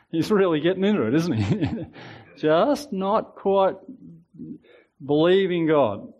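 A man in his sixties preaching a sermon in a relaxed, conversational way, chuckling at his own asides. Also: a little high, slow pace, lo-fi sound.

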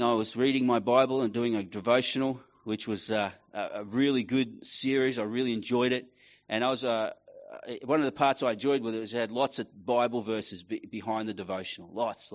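A man's voice: on the low side, muffled recording. A middle-aged man preaching a casual sermon, acting out quoted voices as he tells a story. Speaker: pastor.

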